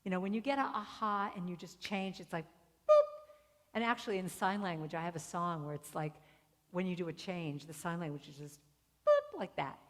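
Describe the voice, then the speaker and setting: A woman's voice: lowish voice, steady tone, fairly quick, a bit bright. A middle-aged woman giving a storytelling sermon at a spiritual center, acting out the voices of people in her stories. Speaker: guest speaker. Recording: long hall reverb.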